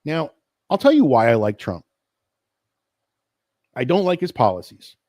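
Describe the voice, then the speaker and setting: A man's voice: medium pitch, wildly swooping pitch, a little slow, darkish tone, dry recording, clean studio sound. A middle-aged American man hosting a casual solo livestream, rambling and frustrated, swearing freely and restarting his sentences. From United States. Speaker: podcast host.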